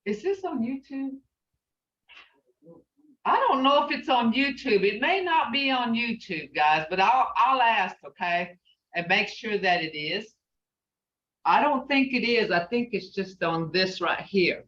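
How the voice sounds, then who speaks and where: A woman language teacher in a recorded class, patiently repeating words slowly so her students can copy them. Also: on the high side, expressive, a bit bright. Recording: roomy, distant, muffled class recording.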